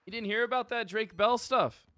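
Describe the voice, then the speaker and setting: A man's voice: high-pitched, normal speed, sharp tone, no room sound. A young man streaming a police role-play game, chatting casually to his viewers and rambling with plenty of swearing and laughter. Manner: rambling, profane, laughs often.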